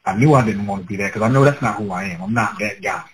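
A man with children telling a personal story in a casual, animated way, acting out his own past words with laughter. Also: lowish voice, quick pace, breathy edge, rough recording. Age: adult with children.

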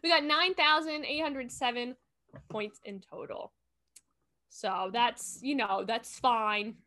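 A woman playing a guessing game, chatting casually and thinking out loud, often correcting herself mid-sentence. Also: on the high side, slow. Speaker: game streamer. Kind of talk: casual gameplay chat.

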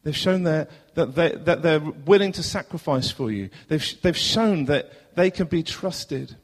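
Southern English male pastor, earnest preaching with rhetorical questions, a touch high-pitched, in a long-echo church. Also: a little slow. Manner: earnest, rhetorical questions, swings between loud and hushed. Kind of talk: sermon. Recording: long hall reverb.

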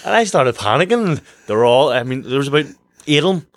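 A man's voice: medium pitch, big pitch swings, quick pace, no room sound, clean studio sound. A man, a boxer telling sweary, laughing anecdotes in casual chat. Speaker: guest boxer.

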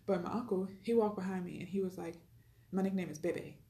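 A woman tells a personal story at a fast clip. She sounds chatty, retells conversations and fills her speech with "like" and "you know." Her voice is mellow and sits a little low, and it echoes in the room. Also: steady tone. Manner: chatty, retells dialogue, frequent fillers.

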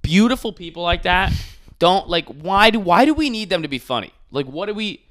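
A man's voice: high voice, lively intonation, fairly quick, a bit bright. A man, a comedian, hosting a casual podcast chat, ranting with profanity.

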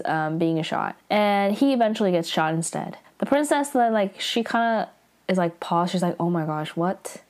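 A woman's voice: mid-range voice, darkish tone. Chatty young woman recapping an episode. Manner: chatty, heavy use of "like", quick reactive asides. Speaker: drama recap vlogger.

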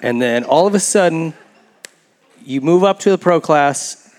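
A man's voice: fairly high pitch, expressive, unhurried, darkish tone. A man hosting a podcast, joking with his guests and laughing a lot. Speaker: podcast host. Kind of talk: casual chat. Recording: roomy reverb.

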